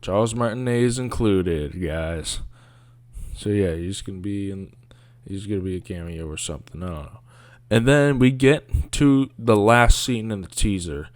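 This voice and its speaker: A man's voice: fairly low pitch, normal speed, no echo. A man giving casual, rambling commentary on a video, sarcastic and grumbling, with mocking asides.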